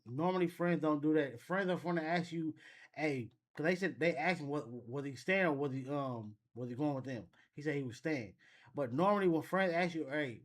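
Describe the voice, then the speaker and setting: A man hosting a reaction video, musing casually and thinking aloud with frequent restarts. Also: a little high. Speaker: reaction channel host.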